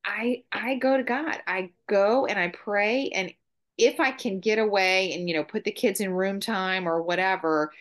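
A woman's voice: mid-range voice, measured pace, fairly bright tone. A middle-aged woman, a guest on a podcast, telling heartfelt stories in earnest. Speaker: guest, mother. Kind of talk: casual conversation.

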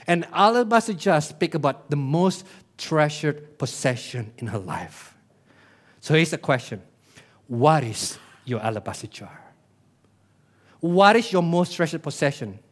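High-voiced preaching man. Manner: emphatic preaching with rhetorical questions. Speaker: pastor. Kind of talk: sermon.

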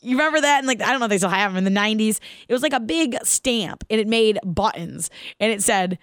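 A woman in her thirties hosting her own podcast, telling a personal story in an animated, casual way, laughing as she goes and asking listeners questions. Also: mid-range voice, fast talker, clear, resonant tone, dry recording, clean studio sound. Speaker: podcast host.

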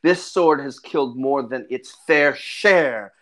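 A man's voice: mid-range voice, slow pace, a bit bright. A man voicing Talendale, a stern, grim warrior who scorns farmers and threatens with his sword. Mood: menacing. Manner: grave, scornful, commanding.

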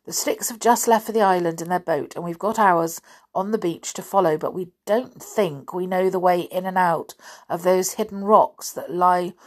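A woman doing a brisk, friendly policeman. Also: on the low side, lightly acted. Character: friendly large male policeman.

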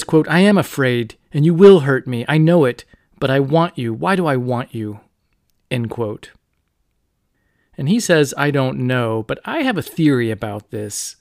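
A man hosting a podcast, casually retelling a novel and reading quotes aloud with lively asides. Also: medium pitch, no echo, studio quality. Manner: animated, reads quotes aloud, casual fillers. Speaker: podcast host. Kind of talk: casual book discussion.

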